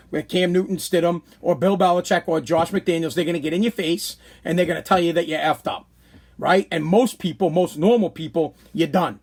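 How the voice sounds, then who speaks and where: High-voiced blunt man ranting on a podcast. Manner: animated, blunt, preachy advice with many repetitions. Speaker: podcast host. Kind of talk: casual livestream monologue.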